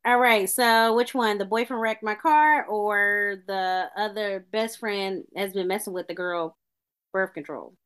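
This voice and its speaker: A woman's voice: medium pitch, measured pace, fairly bright tone, clear, resonant tone. A woman co-hosting a casual podcast, reading a listener's letter aloud with small stumbles.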